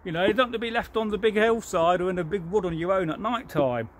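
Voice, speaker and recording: A man's voice: high-pitched, fast, slight background noise. A man with an English accent telling a folktale in a rambling, chatty way, full of asides. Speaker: storyteller. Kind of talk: casual oral folktale telling.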